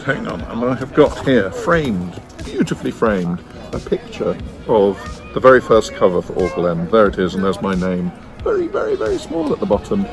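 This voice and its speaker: A man who writes children's books, giving a playful talk to a festival audience and jumping into silly squeaky voices. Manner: animated, silly, jumps into squeaky comic voices. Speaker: children's author.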